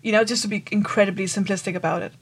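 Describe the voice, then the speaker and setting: A woman's voice: mid-range voice, fairly even intonation, rapid-fire, slightly rough. A woman co-hosting a podcast, playful and joking, thinking aloud in casual chat. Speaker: podcast co-host.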